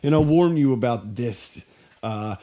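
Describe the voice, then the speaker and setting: A man's voice: mid-range voice, expressive, measured pace, dark tone. Prim, earnest talk-show host man. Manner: prim, stiff, earnest conservative host persona. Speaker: satirical radio host in character. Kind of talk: deadpan comedic talk-show bit. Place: studio.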